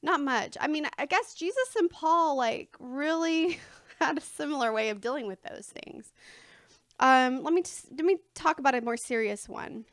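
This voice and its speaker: Chatty woman preacher, slightly high voice. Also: lively intonation, moderate pace, fairly bright tone, no room sound, studio quality. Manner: chatty and informal, laughing between points. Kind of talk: conversational sermon. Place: church sanctuary before a congregation.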